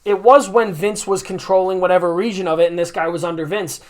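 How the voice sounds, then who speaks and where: A man in his twenties hosts a podcast, speaking fast in a fairly high voice. He rambles in a casual, animated way, swears freely, and slips into quoted voices while telling stories.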